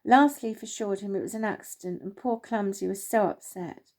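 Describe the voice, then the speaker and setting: Reading a children's story of her own, a woman speaks softly and without rushing, her voice in the middle range, stumbling slightly now and then.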